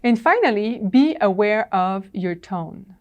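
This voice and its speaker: A woman's voice: mid-range voice, expressive, unhurried, a little mellow. A woman presenting a professional training talk. She speaks conversationally with fillers and acts out dialogue from her stories.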